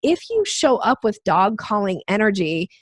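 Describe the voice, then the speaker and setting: A woman sales trainer answering interview questions, explaining with lively acted-out examples. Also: mid-range voice, moderate pace, no echo, clean studio sound. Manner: animated, acts out quoted voices.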